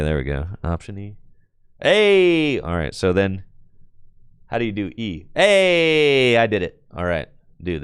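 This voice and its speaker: A man with a low, smooth voice that jumps all over as he gets excited, chatting with his stream viewers in slang. He laughs and riffs while playing, heard up close on a dry desk mic. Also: dry recording. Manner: excitable, slangy, talks to chat, bursts of laughter. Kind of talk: casual live-stream chat while playing a card game.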